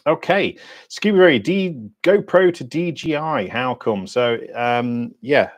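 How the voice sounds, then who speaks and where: A British man hosting a diving channel's livestream Q&A, talking bluntly in sweary, matey banter with lively swings in pitch and loudness. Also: slow. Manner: animated, lively ups and downs in pitch and loudness.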